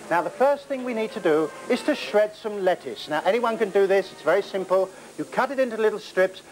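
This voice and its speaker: A man hosting a comic cooking demonstration in a hammy, theatrical way, with sudden squeaky exclamations. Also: darkish tone, low-quality recording. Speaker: cooking show host.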